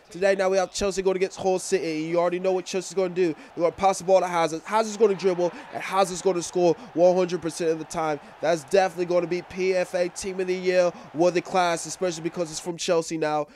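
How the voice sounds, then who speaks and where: A man's voice: high voice, darkish tone, a little hiss or hum, lightly acted. A man playing a fed-up football commentator who rants sarcastically and swears a lot.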